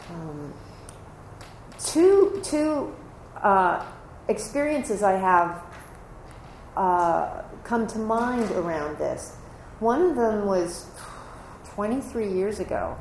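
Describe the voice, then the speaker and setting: A woman meditation teacher gives a dharma talk to a gathered group in a thoughtful, conversational way, pausing and restarting her sentences. Her voice sits in a middle range. The room is echoey, with faint ambient noise behind her. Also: medium pitch, a little mellow. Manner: reflective and conversational, with pauses and restarts.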